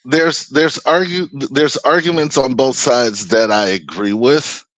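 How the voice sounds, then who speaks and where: A man's voice: mid-range voice, fairly bright tone, no room sound, rough recording. A man calling in to a live stream, talking hesitantly and restarting his sentences. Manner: hesitant, halting. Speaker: caller. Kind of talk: call-in on a livestream.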